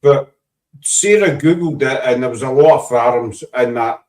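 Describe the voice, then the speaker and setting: A man's voice: medium pitch, unhurried, darkish tone, echoey room, distant mic. A Scottish man with a Glaswegian accent, chatting casually and rambling as the host of a paranormal show. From Scotland. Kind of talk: casual chat.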